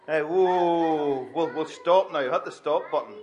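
Male minister, higher-pitched, playful and chatty with the kids. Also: unhurried, hardly any pauses, a little mellow, a faint crowd. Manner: playful and chatty, mimicking whiny children. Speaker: minister leading a children's talk. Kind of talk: lively church children's talk.

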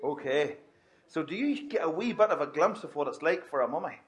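A chatty man leading a children's talk at church, his voice sitting fairly high for a man. He jokes with the children and slips into whiny kid voices. The delivery stays playful and lively. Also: brisk, husky.

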